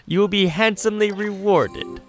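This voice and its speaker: A man's voice: high voice, normal speed, soft background music, voice pushed up, lightly acted. A man voicing a pushy male TV reporter who talks in a commercial-announcer way. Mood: showy. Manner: commercial-style announcer delivery.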